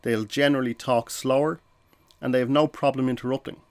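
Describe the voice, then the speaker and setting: A man's voice: medium pitch, fairly even intonation, fairly quick. Casual male podcast host explaining things. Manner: conversational, uses fillers and restarts, acts out short phone exchanges.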